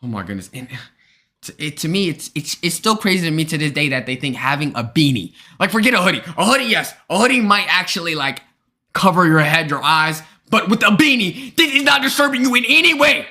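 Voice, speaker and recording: A young man hosting a live stream, chatting casually and jokingly with his viewers in an animated way. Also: high-pitched, a little fast. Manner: animated, joking, talks straight to chat. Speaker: streamer host.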